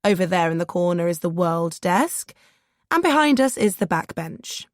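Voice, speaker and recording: A brisk female newsroom manager moving quickly from desk to desk, voiced by a woman narrator. She sounds businesslike and efficient, recorded close and dry. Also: fairly low pitch, animated, dry recording, natural voice.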